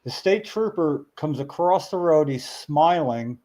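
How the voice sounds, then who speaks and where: A man's voice: fairly high pitch, lively intonation, unhurried, darkish tone, low-quality recording. A middle-aged man, telling a long anecdote in casual podcast chat, rambling with many fillers and restarts.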